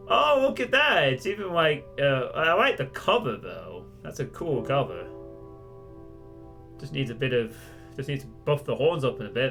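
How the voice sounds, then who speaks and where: A man's voice: mid-range voice, fairly bright tone. A man hosting a casual let's play, cracking jokes, swearing and laughing at himself as he plays. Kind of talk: casual gameplay commentary.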